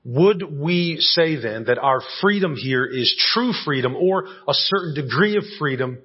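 Husky-voiced pastor preaching a sermon. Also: male voice, a little high, expressive, a little slow. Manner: conversational preaching, often asks "right?". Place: church sanctuary. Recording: dull lo-fi church audio recording.

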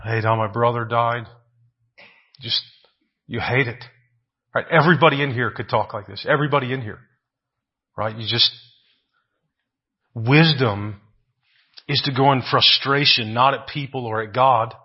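Husky-voiced male preacher, dull recording. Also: mid-range voice, normal speed, long pauses. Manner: rhetorical questions, frequent "right?"; repeats phrases for emphasis. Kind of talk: sermon.

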